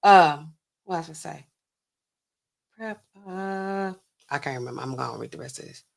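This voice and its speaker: A woman's voice: sits low, animated, moderate pace, gravelly. A middle-aged woman hosting a pharmacy livestream, chatting casually with her viewers and carefully sounding out drug names.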